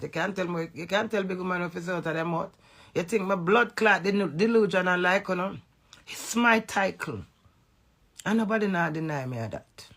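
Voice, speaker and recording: A middle-aged Jamaican woman in a heated, profane rant aimed at her husband, confrontational and forceful. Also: on the low side, breathy edge. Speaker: social media personality. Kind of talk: angry rant to camera.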